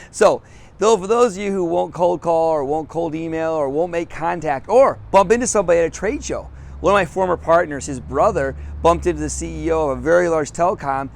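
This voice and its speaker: A man's voice: on the high side, gravelly, slight background noise. A middle-aged man, a business coach, telling a story to camera on a city sidewalk outdoors, upbeat and laughing often at himself.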